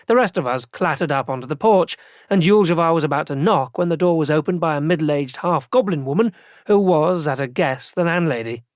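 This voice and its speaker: A man narrating a first-person fantasy audiobook in an even, dry storytelling manner. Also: a little high, brisk, no echo.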